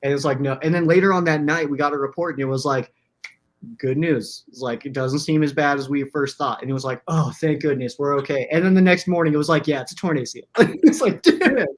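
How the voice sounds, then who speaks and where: This is a young man chatting loosely on a live sports stream from a small room at home. His voice sits a little higher than most men's. He gets excited fast, laughs a lot and leans on "like" as filler. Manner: excitable, laughs often, heavy use of "like". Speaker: podcast co-host.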